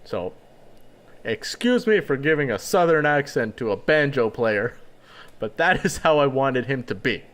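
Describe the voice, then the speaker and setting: A man's voice: mid-range voice, very animated, measured pace, fairly bright tone. A man giving casual let's-play commentary with chatty, self-mocking asides.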